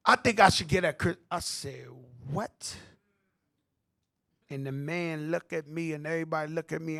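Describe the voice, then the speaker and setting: A middle-aged man with a New York accent, telling animated stories at a tribute panel, acting out quotes and swearing freely. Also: a little high, moderate pace, creaky. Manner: animated street storytelling, acts out quotes, swears. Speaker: host.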